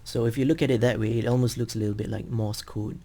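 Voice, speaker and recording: A man teaching English over a video call, explaining patiently and slowly with frequent ums. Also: medium pitch, fairly even intonation, mellow. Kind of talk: screen-share teaching demo.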